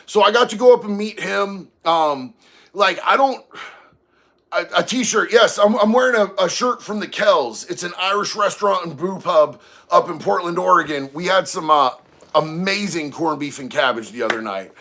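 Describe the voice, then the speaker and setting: A man's voice: fairly high pitch, animated, normal speed, pushed and bright. A man hosting a casual livestream, reading chat aloud and talking in a laid-back, slangy way. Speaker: livestream host.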